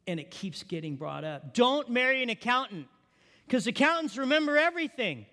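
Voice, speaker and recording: A man preaching a sermon as pastor, telling animated stories and asking the congregation questions. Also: very high-pitched, normal speed, long reverb tail.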